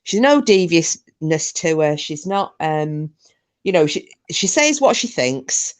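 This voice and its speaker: A woman's voice: sits low, very animated, slow pace. Friendly woman hosting a chat. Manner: friendly, rambling. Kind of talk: casual chat.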